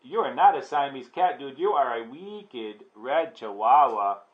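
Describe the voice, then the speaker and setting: A man's voice: a little high, animated, unhurried. A man doing a playful kitten boy. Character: mischievous kitten boy who thinks he's a chihuahua. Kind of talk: storybook read-aloud. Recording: dull lo-fi recording.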